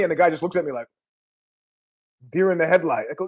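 Male podcast host, loose rambling solo talk, salty language, a touch high-pitched. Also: brisk. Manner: rambling, profane, animated asides. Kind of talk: casual monologue.

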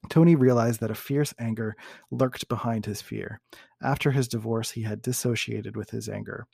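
A man hosting a teaching talk, reading a case study aloud in a measured, explanatory way and sometimes correcting himself. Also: medium pitch, creaky, a little mellow, no echo, clean studio sound. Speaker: host and teacher.

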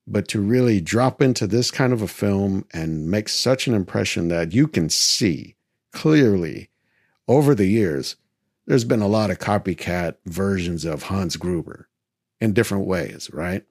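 A man's voice: deep voice, lively intonation, measured pace, darkish tone, no room sound, clean studio sound. A male podcast host giving casual film commentary, rambling and enthusiastic, with many fillers.

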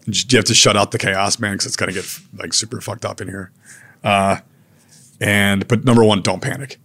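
Male chef in casual interview: low voice, easygoing but blunt, slangy. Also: fairly even intonation, moderate pace, bright, forceful tone. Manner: laid-back, blunt, peppered with "man" and "dude", occasional swearing. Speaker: chef and restaurateur.

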